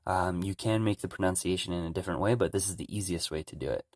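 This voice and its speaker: A young man giving a relaxed, casual language lesson, calmly explaining pronunciation. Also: sits low, dry recording, clean studio sound. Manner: relaxed, repeats sounds slowly and loudly to demonstrate. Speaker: language teacher.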